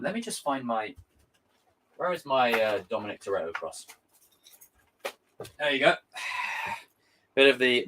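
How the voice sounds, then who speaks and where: A man streaming live and reading out chat, talking casually and ranting in an animated, exasperated way, swearing freely. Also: on the low side, slight background noise.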